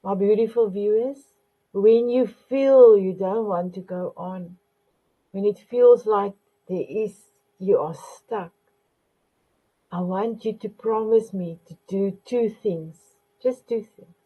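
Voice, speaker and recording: A woman speaks slowly and affectionately as a motivational talk show host. She addresses her viewers again and again as her beautiful ones. The recording sounds dull and lo-fi. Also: mid-range voice, slightly rough.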